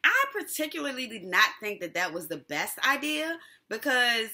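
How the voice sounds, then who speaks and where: A woman hosts a casual recap of a TV episode, talking in loose slang and breaking into laughter often. Her voice is bright and swings widely in pitch as she gets worked up. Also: big pitch swings, moderate pace. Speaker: TV recap host.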